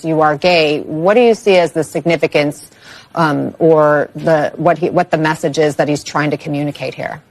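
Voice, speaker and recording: Low-pitched woman anchoring the news, measured, asking her guest questions. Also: low-quality recording. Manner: measured, briefing, posing questions. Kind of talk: television news interview.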